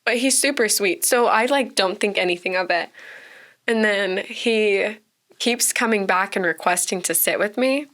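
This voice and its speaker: A woman's voice: mid-range voice, normal speed, a bit bright. A young woman in her twenties with a Texan accent, a podcast guest chatting casually and telling stories, full of "like". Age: 20s. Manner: chatty storyteller, heavy use of "like". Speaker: podcast guest, bartender and content creator. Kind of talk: casual interview chat.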